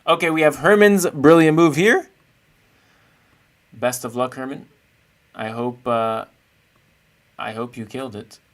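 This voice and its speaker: A man's voice: medium pitch, steady tone, measured pace, long pauses. A man streaming live, chatting casually and playfully with his viewers while he rates chess games. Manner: chatty, playful, thinks aloud while searching.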